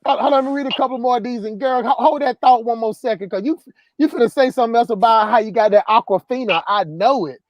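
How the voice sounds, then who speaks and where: A man's voice: extremely high pitch, fast, no room sound. A man hosting a casual livestream, reading chat comments and telling stories in a loose, repetitive, laughing way. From southern US countryside. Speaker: livestream host.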